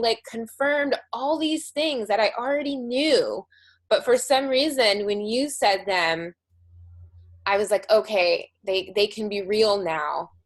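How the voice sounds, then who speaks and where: A woman reflecting aloud in a casual conversation, often restarting her sentences. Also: on the high side.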